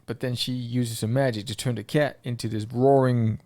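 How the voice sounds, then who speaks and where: A man hosting a podcast, rambling excitedly through a comic book review with lots of fillers. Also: mid-range voice, normal speed, dry recording, clean studio sound.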